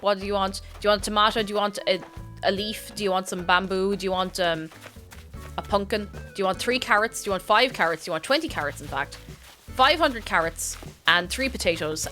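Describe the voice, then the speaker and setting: A woman with a medium-pitched voice streams a video game, chatting casually and gushing, and she often drops into excited whispers.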